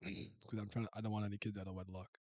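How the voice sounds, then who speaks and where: A man's voice: fairly low pitch, flat delivery, fast talker, a little mellow, no echo, highs cut off. 30s canadian guy streaming, rambly slangy chat, dry close sound. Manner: rambling, restarts and laughs, uses slang. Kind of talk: casual chat with viewers.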